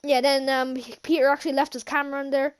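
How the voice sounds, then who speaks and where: A woman's voice: sits high, little pitch movement, quick pace. A woman casually recapping a movie for her vlog, rambling with many fillers and restarts and chuckling now and then. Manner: chuckles often while recounting scenes. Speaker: channel host, film reviewer.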